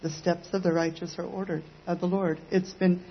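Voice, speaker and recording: Woman, pastor's wife, lowish voice, halting casual testimony, muffled lo-fi. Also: flat delivery, slightly rough. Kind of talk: testimony sermon.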